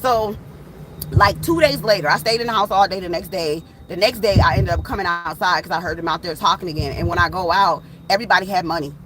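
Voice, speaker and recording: A woman tarot reader chatting casually to her viewers outdoors, animated and swearing freely as she tells stories. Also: fairly low pitch, fast talker, background noise. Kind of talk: casual storytelling vlog.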